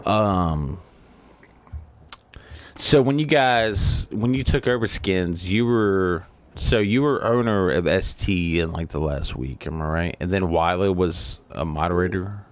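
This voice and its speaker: A man's voice: low-pitched, a little slow, dry recording. A man hosting a casual podcast chat, telling stories with frequent swearing. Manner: profane, storytelling. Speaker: podcast host.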